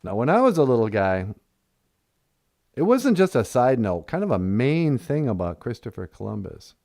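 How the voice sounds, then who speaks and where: A man's voice: mid-range voice, very animated, moderate pace, gravelly, darkish tone. A man telling a comedic story on a puppet podcast, full of rambling, jokey asides.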